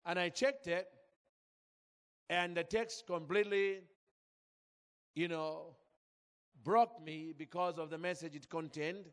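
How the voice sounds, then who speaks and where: A man's voice: on the high side, slow pace, pauses often, in a large hall. A man from Zambia preaching a sermon, telling a personal story with feeling and calling out to the congregation. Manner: emotional storytelling, calls out to congregation.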